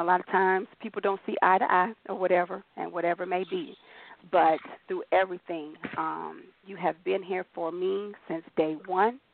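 A woman co-hosting a chat show, giving an earnest, halting tribute with many pauses and ums. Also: lowish voice, gravelly, no room sound. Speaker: co-host. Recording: tinny phone line.

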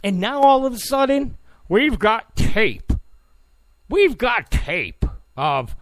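Man, political talk host, sarcastic monologue, high lively pitch, stammers. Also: slow, dry recording. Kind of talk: opinionated monologue.

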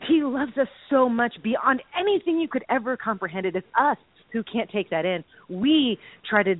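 This is a bubbly woman, chatting about faith with a co-host. Her voice sits high and sounds dry and close. It comes through a tinny, phone-like line. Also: expressive, moderate pace, few pauses, dry recording. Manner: bubbly, breaks into laughter, acts out movie lines. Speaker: podcast co-host. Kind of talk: casual chat about faith.

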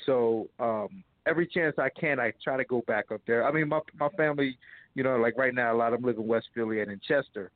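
A man talking as an interview guest, rambling and animated, laughing often. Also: medium pitch, fast talker, dry recording. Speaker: guest, former fighter and actor. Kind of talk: casual phone interview. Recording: tinny phone line, dry.

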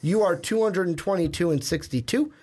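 A young man with a fairly high voice co-hosts a casual sports podcast. He rambles in a chatty way, trails off and corrects himself mid-sentence. He speaks into a podcast mic. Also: brisk, a little mellow. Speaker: podcast co-host.

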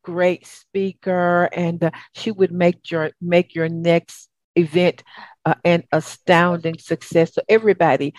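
Low-voiced effusive Southern host woman. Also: flat delivery, a little slow, darkish tone, dry recording. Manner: effusive, encouraging, spiritual. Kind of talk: upbeat talk show chat.

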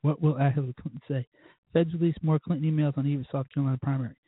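A man's voice: fairly high pitch, fairly even intonation, racing, husky, no room sound. Profane rambling man on a tinny line. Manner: profane, rambling, mimics voices and sounds. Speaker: podcast host. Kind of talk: casual solo monologue. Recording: tinny phone-like lo-fi sound.

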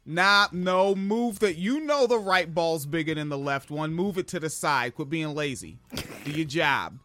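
A man co-hosting a reaction show in a casual, mocking way. His voice sits high and swings widely as he jokes and swears. The sound is dry and close. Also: expressive, measured pace, sharp tone, no echo, faint music behind. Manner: sarcastic, joking, profane. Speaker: co-host.

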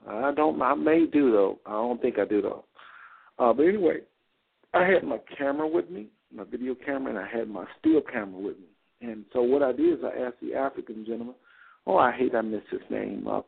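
A man's voice: on the low side, vocal fry, slightly rough. A man hosting a show, telling a rambling story in a folksy way and talking straight to his listeners. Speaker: host. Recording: phone-line sound.

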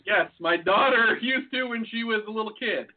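Brief: high-pitched male co-host, jokey rambling banter, tinny phone-like sound. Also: moderate pace. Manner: joking, rambling. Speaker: podcast co-host. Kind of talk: casual banter. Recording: phone-like lo-fi audio.

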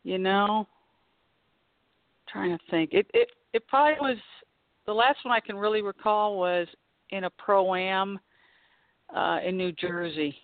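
A woman's voice: medium pitch, unhurried, long pauses, no room sound. A woman in her fifties, a guest golf pro, chatting casually and laughing often during a phone-in radio interview. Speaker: guest professional golfer. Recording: tinny dry phone line.

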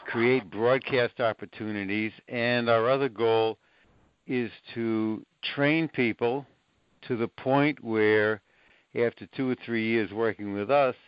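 A man, a guest being interviewed, explaining in a measured way with occasional fillers. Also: medium pitch, fairly even intonation, clean tone, dry recording. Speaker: guest, nonprofit project manager. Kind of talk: interview answers. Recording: muffled lo-fi recording.

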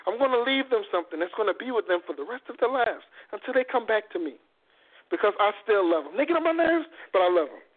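Man doing a fed-up, resolute God voice, very high-pitched, over a tinny line. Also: sing-song, fast. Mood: exasperated, resolute. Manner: exasperated, resolute. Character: frustrated yet loving God, male. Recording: phone-like lo-fi audio.

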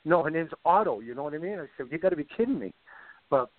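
A middle-aged man telling long rambling stories in a casual, animated way. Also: a little high, quick pace, dry recording. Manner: rambling, animated, repeats himself. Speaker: guest. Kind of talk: casual storytelling. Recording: tinny dry call line.

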